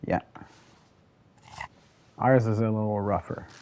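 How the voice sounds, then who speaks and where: A man's voice: on the low side, slow pace, darkish tone, highs cut off, slight background noise. A French Canadian man whose first language is French, giving chatty, rambling gameplay commentary with casual swearing. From Quebec, Canada. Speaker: gaming channel host.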